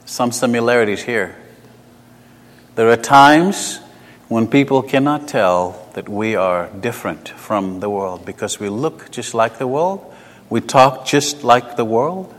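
A man with a South African accent preaching a sermon. He talks conversationally and tells personal stories, moving between emphatic lines and hushed asides. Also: medium pitch, a little slow. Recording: long hall reverb.

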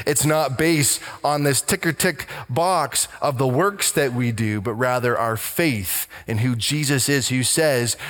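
A male pastor preaching a sermon, emphatic, slowing and dropping low to stress key lines. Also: a bit bright. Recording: long hall reverb.

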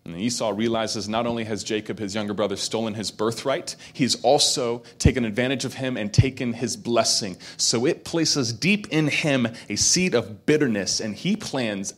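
Guy preaching, tells the story like he's acting it out, gets loud and punchy. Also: medium pitch, moderate pace, hardly any pauses. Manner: storytelling with acted quotes, building to emphatic peaks. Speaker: pastor. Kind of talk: sermon.

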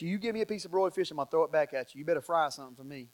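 Man, Southern American accent, high voice, pastor, sermon, animated, loud and soft in turn. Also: very fast. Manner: animated preaching, swings between loud and soft.

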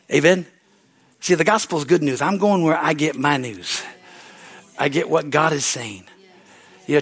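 A man preaching a sermon as pastor, building into excited shouts of praise with many hallelujahs. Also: fairly high pitch, breathy edge.

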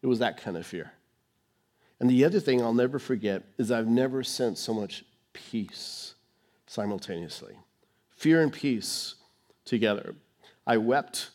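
A male pastor preaching a sermon on stage under lights, sharing his testimony with dramatic swings between hushed and emphatic, rushing then slowing for key phrases. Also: mid-range voice. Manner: fast rushed delivery, slowing for key phrases.

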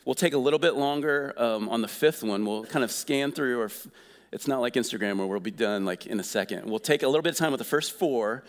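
A man preaching a sermon in a conversational, energetic way, asking the congregation questions. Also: mid-range voice, fairly quick, big-room sound. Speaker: pastor.

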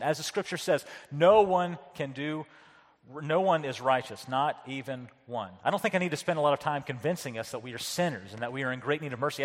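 Male pastor mid-sermon, earnest and questioning, a bit high-pitched, heard in a long-echo hall. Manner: earnest preaching with repeated words and questions to the congregation.

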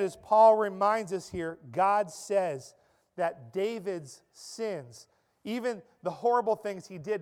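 A man preaching a sermon as pastor, dramatic, swinging from loud emphasis to a soft hush. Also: sits high, smooth. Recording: long reverb of a large hall.

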